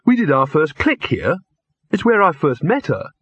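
A man playing a nervous, earnest young man in a storybook reading, asking anxious, quick questions. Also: on the high side, very animated, fairly bright tone, slightly rough, no echo, muffled recording, pitched above the performer's own voice, heavily acted. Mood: uneasy.

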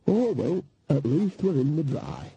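Male narrator voicing a chatty elderly witch woman, mischievous, husky and dark. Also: a little high, sing-song, unhurried, muffled recording, voice pushed up, heavily acted. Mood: cheeky. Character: cheerful, earthy old woman witch. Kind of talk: audiobook character voice.

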